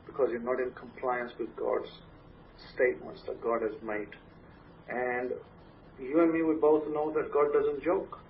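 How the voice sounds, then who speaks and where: A man giving an emphatic, repetitive sermon-style teaching, often saying "you know" as he goes. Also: mid-range voice. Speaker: rabbi preaching to his community. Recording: distant, muffled lo-fi recording with faint noise.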